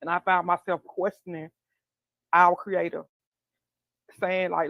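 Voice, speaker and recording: A woman's voice: on the low side, little pitch movement, vocal fry, no room sound, dull audio. Tearful woman giving heartfelt testimony. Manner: tearful, heartfelt, slow and earnest. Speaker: guest. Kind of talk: emotional personal testimony.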